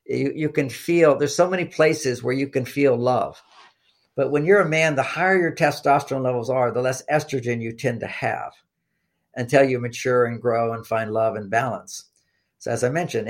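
A man who is a guest in a conversational interview, teaching through personal anecdotes and acting out remembered dialogue, often repeating his first words as he starts a sentence. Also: medium pitch. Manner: animated storyteller who acts out quoted dialogue. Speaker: relationship author and podcast guest.

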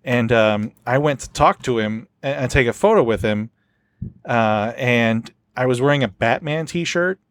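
A man chats casually as a podcast host. His voice sits at an ordinary pitch, and he rambles, stacking fillers and restarts as he tells a story. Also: measured pace, dry recording. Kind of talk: casual chat.

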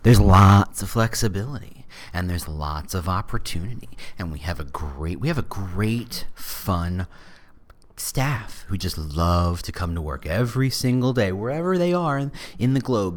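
A man voicing an overeager male recruiter who piles on praise for a dream job in an over-the-top sales pitch. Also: expressive, normal speed, close to an everyday voice. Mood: gushing.

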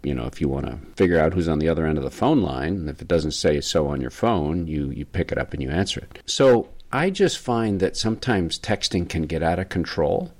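A man's voice: rumbling low, expressive, fairly quick, few pauses, darkish tone. A man from the northern United States co-hosting a podcast, talking in a reflective, rambling way with frequent chuckles. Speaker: podcast co-host. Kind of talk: casual chat.

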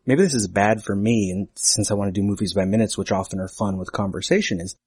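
A man's voice: on the low side, fast talker, darkish tone, breathy edge, no echo, clean studio sound. A man who teaches and podcasts, talking in a thoughtful, easygoing casual chat.

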